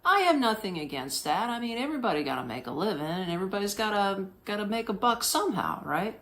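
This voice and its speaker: A woman hosting a podcast, telling a casual story in a slangy, animated way, laughing often and mimicking voices. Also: medium pitch, quick pace. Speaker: podcast host.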